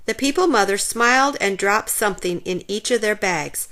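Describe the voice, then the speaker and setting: Reading from a kids' storybook, a woman brings plenty of animation and expression to the text. She has a mid-range voice, moves at an ordinary speed, and rarely pauses.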